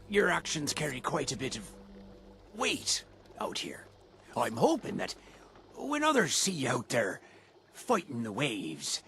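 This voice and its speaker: Gravelly old sea captain, earnest and weathered, swinging widely in pitch, game dialogue. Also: male voice, a bit bright, a little hiss or hum, heavily acted. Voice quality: gravelly, old-timey pirate speech.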